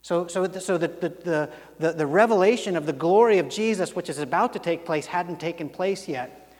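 A man with a high voice preaches a sermon in a large hall, and the sound carries a long reverb. He talks conversationally, stumbling into restarts, then acts out the quotes he tells. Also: moderate pace, darkish tone. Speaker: pastor.

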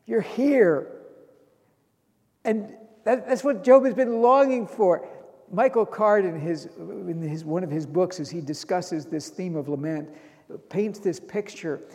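High-voiced male preacher, big hall. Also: measured pace. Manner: rising to loud emotional bursts reading scripture. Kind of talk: sermon.

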